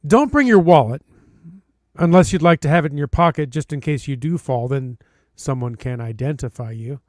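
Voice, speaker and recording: High-voiced man reading a story with flair. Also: a little mellow, no echo, studio quality. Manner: dramatic, playful emphasis with comic pauses. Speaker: podcast host. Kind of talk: reading a listener's story aloud.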